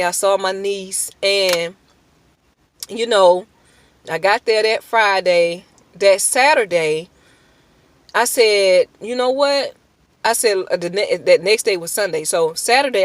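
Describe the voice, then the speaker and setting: A woman's voice: mid-range voice, unhurried, dry recording. A woman giving a personal faith testimony in earnest, emotional, informal speech, breaking into prayer. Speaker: testimony speaker.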